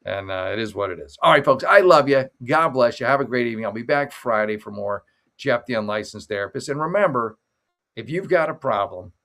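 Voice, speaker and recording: A middle-aged man chats loosely through a late-night livestream, rambling and joking as he reads out viewer names. His voice sits at an everyday pitch. He talks into a makeshift desk mic in a home office. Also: expressive, fairly quick, a bit bright. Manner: rambling, jokey, thanks chat viewers by name. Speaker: livestream show host. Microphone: makeshift desk mic setup.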